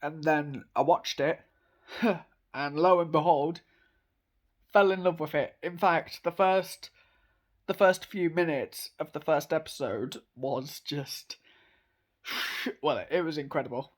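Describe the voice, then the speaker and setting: A young man speaks in a fairly high voice at an unhurried pace. He rambles in a casual monologue, with plenty of ums and uhs and small laughs. His tone is eager and enthusiastic. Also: fairly even intonation.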